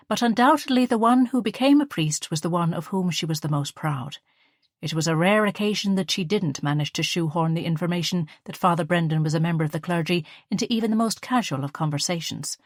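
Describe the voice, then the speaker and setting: A woman reading a historical drama audiobook in measured scripted narration. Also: on the low side, animated, no room sound, studio quality.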